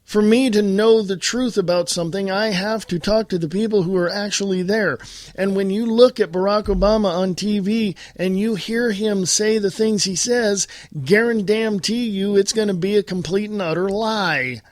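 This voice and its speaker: Male podcast host, American, high voice, combative monologue, dry close sound. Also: fairly even intonation, normal speed, dry recording. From United States. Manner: blunt and combative, addressing listeners directly. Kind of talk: political talk monologue.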